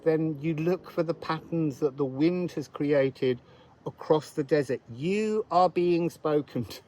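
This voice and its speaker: A man with a slightly higher-than-usual voice gives a loose, spoken astrology reading. He meanders and thinks aloud, in a chatty, unhurried way. He is recorded outdoors. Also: darkish tone, a little hiss or hum, poor audio. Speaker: astrologer and card reader.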